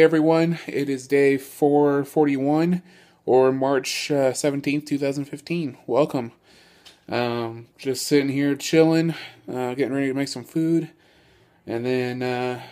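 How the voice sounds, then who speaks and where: A man chatting casually to camera as a vlogger, easygoing and rambling with many ums and uhs. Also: mid-range voice. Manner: excitable, gushing. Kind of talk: casual vlog chat.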